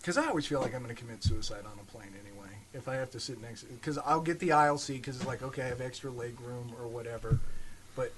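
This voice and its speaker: A man's voice: medium pitch, quick pace, crowd noise. A man hosting a podcast, telling stories in casual chat and laughing often. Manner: animated storyteller, laughs often. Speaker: podcast host.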